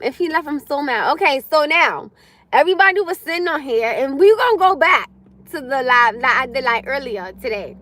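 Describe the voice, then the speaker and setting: A woman's voice: high voice, no room sound. A young woman hosting a casual livestream, talking loosely with viewers, reading their comments and swearing freely as she goes. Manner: chatty, swears freely, answers chat comments, animated. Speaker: livestream host.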